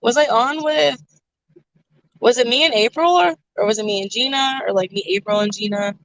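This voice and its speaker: A woman hosting a livestream, chatting casually and loudly over a phone from inside a noisy car. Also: fairly high pitch, moderate pace, no echo. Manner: loud, projecting voice. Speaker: livestream host. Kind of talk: casual chat.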